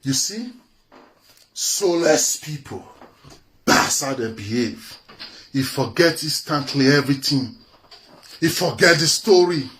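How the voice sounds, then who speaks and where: Nigerian man, Edo accent, high-pitched voice, fiery and scornful, live-video rant, slips into Pidgin. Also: lively intonation, slow, pauses often, a bit bright, slight background noise. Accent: Nigerian, Benin (Edo). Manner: mocks others in put-on quoted voices. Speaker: social media commentator.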